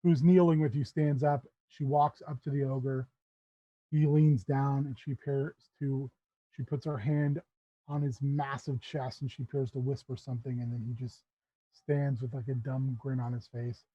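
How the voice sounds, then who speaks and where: A man's voice: medium pitch, flat delivery, moderate pace, no room sound, dull audio. A man narrating as game master in a loose, rambling way, full of fillers.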